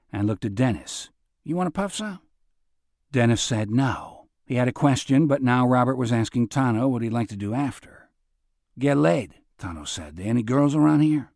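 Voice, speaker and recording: A man's voice: medium pitch, vocal fry, darkish tone, no echo. A man reading an audiobook in a middle-range voice. He moves through the narration and lifts his tone a little for the dialogue. The sound is dry and close, with no room behind it. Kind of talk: scripted narration.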